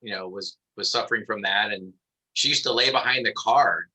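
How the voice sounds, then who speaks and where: Very bright-voiced man thinking aloud. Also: on the low side, a little fast, slightly rough, low-quality recording. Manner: reflective, thinks aloud with fillers. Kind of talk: casual conversation.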